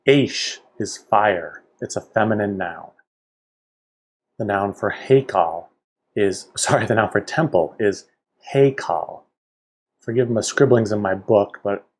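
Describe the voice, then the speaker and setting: Slow, husky male teacher. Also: lowish voice, a little mellow. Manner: slow, careful pronunciation with explanations. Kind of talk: vocabulary lesson read aloud.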